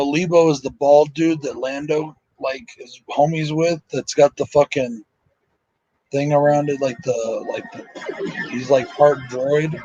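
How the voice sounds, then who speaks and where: A man's voice: on the high side, darkish tone, no echo, highs cut off. A man hosting a casual live movie commentary, tired and sleepy, talking in a rambling, emotional and profane way with lots of fillers.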